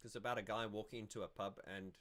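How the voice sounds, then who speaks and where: A man's voice: on the low side, fairly even intonation, fast, fairly bright tone. A man hosting a casual livestream Q&A, chatty and rambling, often laughing and restarting his sentences. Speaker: YouTube channel host.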